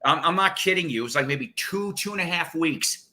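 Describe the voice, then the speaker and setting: A man hosting a casual radio show, excitable and profane, laughing often and slipping into impressions. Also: on the high side, brisk. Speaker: radio host and record collector. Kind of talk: casual chat. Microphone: studio mics.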